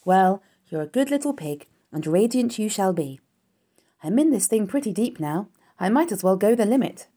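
A woman voicing a kind, clever female spider in a storybook reading, bright and commanding but affectionate. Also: medium pitch, animated, moderate pace, voice pushed up, natural voice. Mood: gentle.

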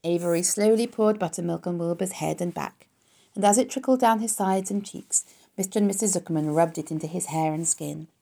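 A woman narrating a children's story in a calm, even storytelling manner. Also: lowish voice, a little fast, vocal fry. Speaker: audiobook narrator.

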